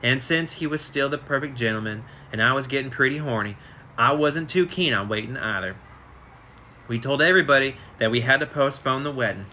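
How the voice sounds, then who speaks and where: A man's fairly quick, pushed, bright mid-range voice comes through a phone on a casual live stream. He's reading a biography aloud, stumbling and self-correcting frequently, with slight background noise.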